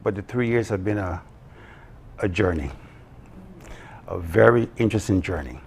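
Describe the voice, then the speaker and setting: A man with a low, gravelly voice, a guest on a live morning TV interview. He speaks haltingly, with frequent ums and restarts. A faint room hum sits behind him. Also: expressive, darkish tone. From Belize. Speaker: guest, production company co-owner.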